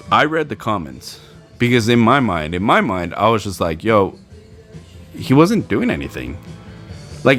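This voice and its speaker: A man hosting a solo podcast, telling a story in casual chat and acting out the people he quotes. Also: on the low side. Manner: animated storytelling, acts out quoted people in raised voices. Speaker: podcast host.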